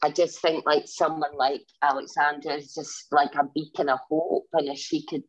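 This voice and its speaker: Low husky woman, earnest and rambling. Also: level tone, normal speed, dry recording. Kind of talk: casual opinionated talk. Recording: dry, dull recording.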